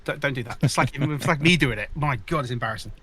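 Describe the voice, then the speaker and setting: A man's voice: mid-range voice, crowd noise. A man from England co-hosting a live podcast, teasing and rambling in casual banter. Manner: teasing, rambling, quick to jab. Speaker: co-host.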